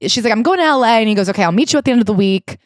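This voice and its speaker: A woman talks at a brisk clip as she recaps a book for a comedic podcast. She jumps into lively put-on voices for the people she quotes, and the sound is dry and close, with no room around it. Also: on the high side, dry recording. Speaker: podcast co-host.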